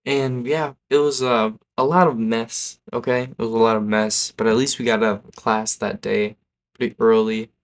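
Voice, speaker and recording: A man's voice: medium pitch, steady tone, normal speed. Man hosting a storytime vlog, rambling and casual, keeps going "okay?". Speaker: YouTuber.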